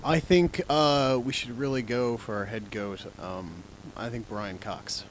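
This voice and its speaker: A man's voice: mid-range voice, measured pace, slight background noise, low-quality recording. A man co-hosting a casual chat, trading dry, wry quips. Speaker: podcast co-host.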